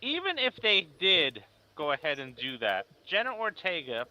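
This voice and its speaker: A man's voice: a little high, wildly swooping pitch, moderate pace, bright, forceful tone, slight background noise, low-quality recording. A man co-hosting a casual podcast chat, talking emphatically and explaining his points at length. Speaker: podcast co-host. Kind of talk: casual horror movie chat.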